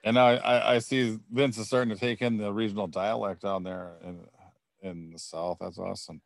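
A man co-hosting a sports podcast, talking in a measured, casual way with frequent ums. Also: on the low side, level tone, vocal fry, no echo. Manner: measured, fills pauses with um and uh. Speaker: podcast co-host.

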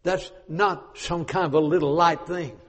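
A high-pitched preacher delivers an emphatic sermon, rising to shouts and then dropping to hushed asides. His voice rings through a large church with a long reverb. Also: steady tone, measured pace.

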